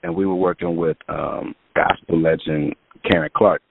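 A man's voice: sits low, normal speed, gravelly, breathy edge, dry recording. A man, a music producer, telling a story in casual talk, acting out what people said, with lots of fillers. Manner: animated storyteller, acts out quotes, lots of fillers. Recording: tinny phone-like line.

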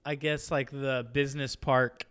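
A man in casual chat with a friend, excitedly retelling sitcom scenes and acting out the characters' lines. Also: medium pitch, measured pace, clean tone, no room sound. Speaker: podcast co-host.

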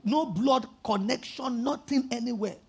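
A male pastor preaching a sermon, telling stories animatedly and rising to emphatic shouts. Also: extremely high pitch, moderate pace, slightly rough. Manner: animated storytelling, acting out phone conversations.

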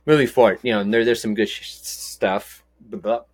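A man's voice: lowish voice, fairly even intonation, normal speed, no room sound. A middle-aged man from Texas, co-hosting a podcast in casual, rambling chat full of stories and jokes. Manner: rambling, storytelling, jokey. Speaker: podcast co-host.

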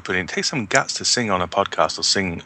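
A man's voice: low-pitched, expressive, brisk, bright, forceful tone, slight background noise. A man co-hosting a casual gaming podcast, joking and laid-back. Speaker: podcast co-host. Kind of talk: casual chat.

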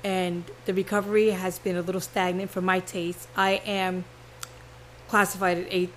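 A woman guest on a radio interview, talking earnestly without pausing while short of breath and a little hoarse, with coughs. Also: lowish voice, level tone, a little hiss or hum, poor audio.

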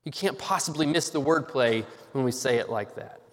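A man preaching a sermon, teaching slowly and deliberately with emphatic stresses on key words. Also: medium pitch, fairly bright tone. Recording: long reverb of a large hall.

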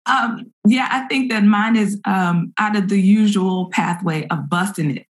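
Middle-aged woman, podcast guest, earnest and animated, mid-range voice. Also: medium pitch, a little slow. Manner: earnest and expressive, acts out her own inner voice. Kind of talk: candid conversational testimony.

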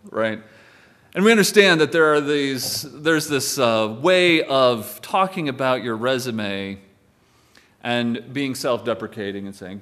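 A man's voice: mid-range voice, expressive, measured pace, fairly bright tone. Guy preaching a sermon, takes his time, chatty and a bit wry. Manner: conversational preaching with wry asides. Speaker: pastor.

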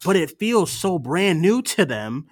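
A man's voice: sits high, sing-song, unhurried, dry recording, clean studio sound. A man co-hosting a podcast, talking in a loose, rambling way with lots of fillers and frequent laughs. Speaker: podcast co-host. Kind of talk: casual chat review.

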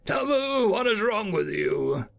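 A man's voice: sits high, sing-song, a little slow, vocal fry, a bit bright, voice pushed up, exaggerated voice. A man voicing a towering red bird-like male alien commander with a brusque, commanding manner. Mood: imperious.

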